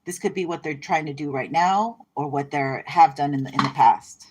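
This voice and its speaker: A woman reading tarot cards in a casual, rambling way. Her voice sits a bit low. She is irreverent and breaks into laughter often. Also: moderate pace, a little hiss or hum. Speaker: tarot reader. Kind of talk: casual spiritual card reading.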